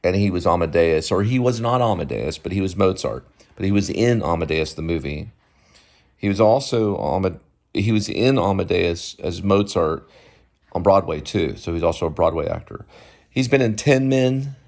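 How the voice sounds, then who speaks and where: Deep-voiced rambling male vlogger. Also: normal speed, creaky, a little mellow. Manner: rambling, digressive, gropes for names. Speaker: vlogger host. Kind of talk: casual rambling movie talk. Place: at home near a TV.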